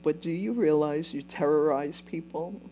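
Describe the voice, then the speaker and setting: A woman's voice: deep voice, normal speed, mellow, slight background noise, lightly acted, low-quality recording. A woman voicing an eighty-year-old male boss who scolds her sternly.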